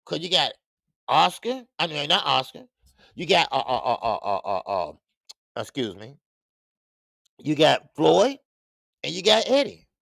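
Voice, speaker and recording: Gravelly man hosting a boxing livestream. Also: a little high, very animated, a little slow, long pauses, a bit bright, no room sound, studio quality. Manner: slangy, greets chat viewers by name; rambling with stammered restarts. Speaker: boxing show host. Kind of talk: casual live-stream talk.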